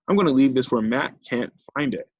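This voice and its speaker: A man's voice: mid-range voice, expressive, a little fast, darkish tone, husky, no room sound, highs cut off. A man doing a cautious young boy. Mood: earnest. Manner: careful, a little exasperated.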